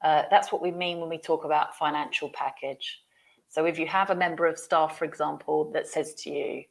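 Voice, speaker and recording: A woman's voice: sits low, fairly even intonation, a little fast, gravelly. A woman teaching business English, explaining phrases patiently.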